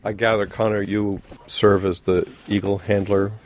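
A man's voice: on the low side, little pitch movement, moderate pace. A man interviewing a guest, asking questions hesitantly with many ums and agreeing often. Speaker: radio interviewer.

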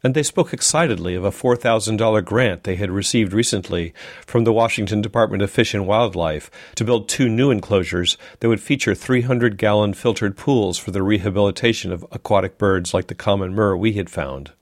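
A male community radio reporter reading a scripted news piece in a measured, careful way. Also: fairly low pitch, no echo, clean studio sound. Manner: measured, reads slowly and carefully.

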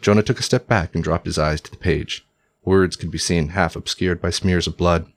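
Deep-voiced male audiobook narrator. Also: steady tone. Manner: measured, formal storytelling.

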